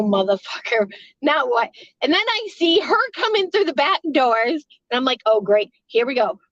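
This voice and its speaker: A high-pitched woman rambles through a storytime, cursing freely and laughing between lines. The recording is dry and a little dull, close and without room sound. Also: a bit bright, no echo. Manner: rambling, swearing, laughing often. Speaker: vlogger telling a story. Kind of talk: casual storytime.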